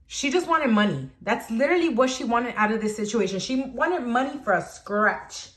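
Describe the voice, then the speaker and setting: Young woman vlogger, kinda high voice, blunt and slangy, just chatting a story out. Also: animated, moderate pace, hardly any pauses, a bit bright. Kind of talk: casual storytime.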